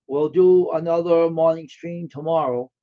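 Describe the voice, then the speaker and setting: This man, also hosting a live stream, talks casually and amiably with his viewers, meandering and leaning on fillers and repeated words. His slightly high voice keeps a steady tone at a moderate pace over dull, lo-fi audio.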